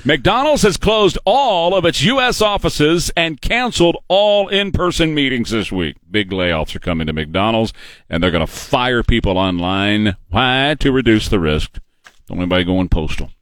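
A man's voice: mid-range voice, animated, normal speed, a bit bright, no echo. Male radio host, sarcastic, opinionated, joking, dry close studio sound. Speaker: radio talk show host. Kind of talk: talk radio news commentary. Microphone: studio microphone.

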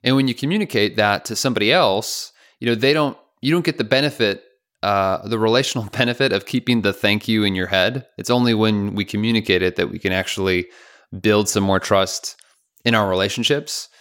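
A man's voice: fairly low pitch, fairly quick, fairly bright tone. A man co-hosting a podcast, talking in a casual, joking, teasing way. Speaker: podcast co-host. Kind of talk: casual chat.

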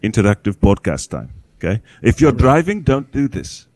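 A man's voice: medium pitch, big pitch swings, moderate pace, darkish tone. A man as a podcast guest, explaining cryptocurrency in a chatty, folksy way and often checking in with "okay?". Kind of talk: casual explanatory podcast talk. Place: podcast recording with a small group.

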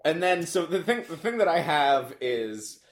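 A man co-hosting a podcast, casually recapping a movie in an animated, rambling way full of fillers. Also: fairly high pitch, measured pace, reverberant. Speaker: podcast co-host.

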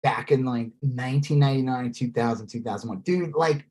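A man's voice: mid-range voice, brisk. A man co-hosting a podcast in casual chat, swearing freely and acting out little quoted exchanges. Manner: animated, swearing, acts out voices in quotes. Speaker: podcast co-host.

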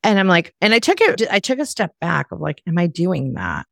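Animated middle-aged lady host, lowish voice, bounces all over, dry close sound. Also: a little fast, vocal fry, no room sound. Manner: animated storyteller, acts out quoted voices. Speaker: podcast host. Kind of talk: casual chat.

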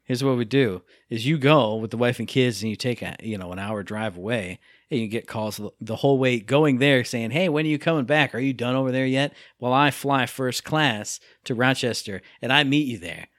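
A man's voice: mid-range voice, moderate pace, fairly bright tone, no room sound, studio quality. A man from Michigan co-hosting a podcast, chatting casually with playful, mock-outraged teasing. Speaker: podcast co-host. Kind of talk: casual chat.

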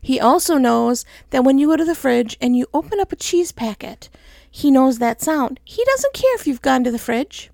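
A woman's voice: sits high, animated, normal speed, creaky, darkish tone, dry recording. A middle-aged woman hosting her own podcast, chatting casually and laughing often into a close mic. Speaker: podcast host. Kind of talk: casual solo podcast chat.

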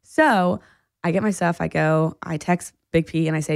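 A woman co-hosting a podcast, telling a story in casual chat, animated and laughing often. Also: lowish voice, moderate pace, vocal fry, no room sound, studio quality. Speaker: podcast co-host.

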